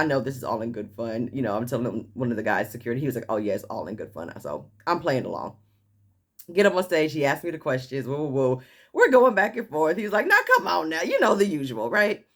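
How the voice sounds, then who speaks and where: Lively woman telling a story. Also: sits low. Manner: animated, laughing, acting out quotes. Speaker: vlogger. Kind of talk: casual storytelling.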